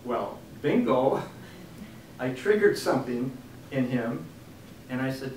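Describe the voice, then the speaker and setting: A man, an author giving a book reading, telling a story in an animated way and acting out the quotes. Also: mid-range voice, slow, long pauses, slight background noise. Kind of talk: storytelling talk. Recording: echoey room from a distant mic.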